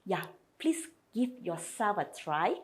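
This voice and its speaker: A woman's voice: mid-range voice, very animated, slow pace. A woman teaching a slide lesson, patiently modelling each sound and repeating it for learners. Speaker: language teacher.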